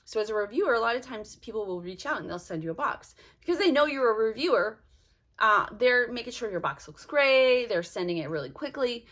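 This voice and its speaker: A woman's voice: a little high, animated, fairly quick, a bit bright. A young woman reviewing a clothing subscription box in a casual unboxing vlog, talking in a frustrated, rambling way with many "like"s. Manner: frustrated, fills talk with "like".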